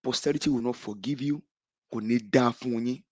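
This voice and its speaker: A man's voice: mid-range voice, a little fast, mellow, slightly rough, dry recording, poor audio. A middle-aged Nigerian man calling in with an impassioned political speech, fervent and repetitive, slipping into Yoruba. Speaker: caller. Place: living abroad, calling in.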